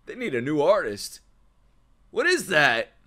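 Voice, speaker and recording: A man streaming excited reactions to an anime, loud and exclamatory, swearing and breaking into laughter. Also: on the high side, unhurried. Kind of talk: excited live reaction commentary.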